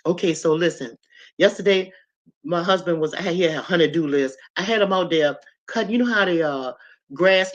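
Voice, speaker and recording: A woman hosting a livestream, chatting casually with viewers and telling animated, colloquial stories. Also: lowish voice. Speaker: livestream host. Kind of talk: casual chat and storytelling to viewers.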